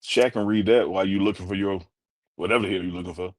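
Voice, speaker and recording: A man's voice: low voice, fairly even intonation, fast, a little mellow, no room sound, clean studio sound. A man co-hosting a casual sports talk show, laid-back and teasing his co-hosts. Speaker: co-host.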